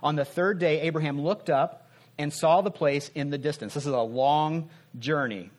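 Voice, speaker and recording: A man preaching a sermon in a conversational way, asking rhetorical questions and dropping his voice softly to make a point. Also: on the high side, moderate pace. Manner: earnest, drops soft for emphasis.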